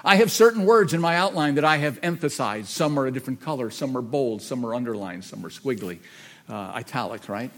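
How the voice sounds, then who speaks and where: A man's voice: medium pitch, lively intonation, a little fast. A man preaching a sermon, with folksy asides and emphatic repetition, often rambling off topic. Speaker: pastor. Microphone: sermon on an iPad from notes.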